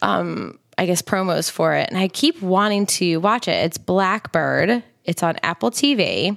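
A woman co-hosting a casual chat podcast, gushing and excitable, quick to swoon over what she sees. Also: fairly low pitch, vocal fry, no room sound, studio quality. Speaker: podcast co-host.

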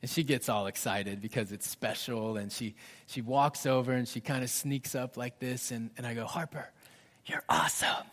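A man in his thirties preaching a sermon as pastor, swinging from raised emphasis down to hushed, near-whispered lines. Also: medium pitch, steady tone, normal speed. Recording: long hall reverb.

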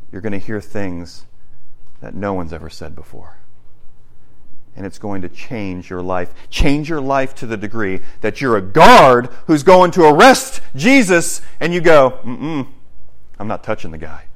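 A man preaching a sermon in an animated, conversational way, with joking asides. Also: mid-range voice. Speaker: pastor.

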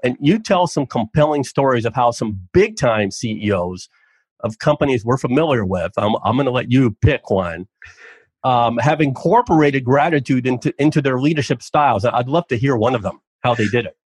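A man hosting an interview, framing his questions in a halting way and repeating words. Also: mid-range voice, animated, husky, no room sound. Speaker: podcast host.

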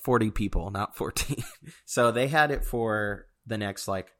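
A man's voice: on the low side, unhurried, a bit bright. A man co-hosting a casual chat show, telling a rambling story full of fillers and frequent chuckles.

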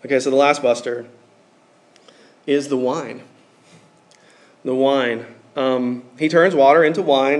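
Casual, filler-heavy male preacher. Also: mid-range voice. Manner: informal, filler-heavy, conversational. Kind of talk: casual sermon.

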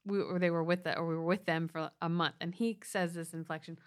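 A woman's voice: lowish voice, steady tone, a little fast. A woman in her thirties co-hosting a podcast, chatting and explaining parenting advice. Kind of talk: casual conversational advice.

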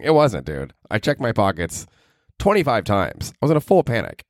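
A man's voice: medium pitch, sing-song, normal speed, no echo, studio quality. A young man hosting a podcast, telling stories in a casual, self-mocking way, laughing often and swearing a lot. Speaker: podcast host. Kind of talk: casual storytelling monologue.

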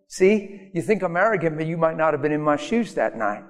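A man preaches with a slightly high voice, telling his stories with emphasis and sudden bursts of force. His voice rings out with a long hall reverb, and faint music plays underneath. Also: sing-song, fairly quick, hardly any pauses. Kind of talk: sermon storytelling.

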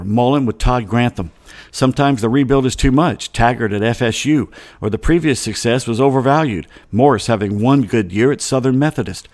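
A man's voice: mid-range voice, darkish tone. A man hosting a sports talk show, reading off sports history in a conversational way with offhand asides. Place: Atlanta studio.

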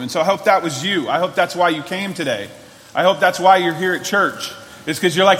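A man's voice: sits high, fast, fairly bright tone, big-room sound. A man preaching a sermon to a church congregation, in an earnest, conversational way with frequent restarts. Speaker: pastor. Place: church hall.

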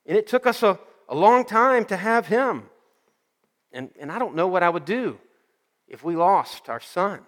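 Man putting on a jittery stammering dad, high anxious voice, echoey hall. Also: lively intonation, measured pace, fairly bright tone. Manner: fretful, stammering worry. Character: nervous, anxious grown father.

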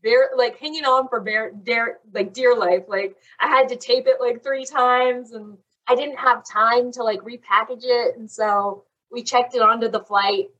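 A young woman casually telling a long story on a chat podcast, animated and saying "like" constantly. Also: on the high side, measured pace, few pauses, dull audio. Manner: animated, fills talk with "like". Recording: voice a bit far from the mic.

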